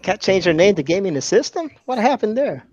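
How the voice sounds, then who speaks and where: A man's voice: sits high, big pitch swings, brisk, a little mellow, no echo. A man bantering and teasing as a guest on a casual live stream. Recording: dull lo-fi mic.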